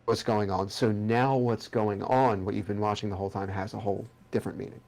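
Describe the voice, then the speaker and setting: A man's voice: fairly low pitch, flat delivery, a little fast, a little mellow. A young man co-hosting a podcast in casual chat, rambling and swearing freely as he restarts his sentences. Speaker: podcast co-host.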